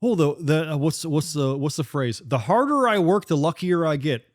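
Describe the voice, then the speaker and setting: A man's voice: fairly high pitch, lively intonation, normal speed. A man who is a guest on a talk show, speaking bluntly and emphatically and swearing freely in a casual chat.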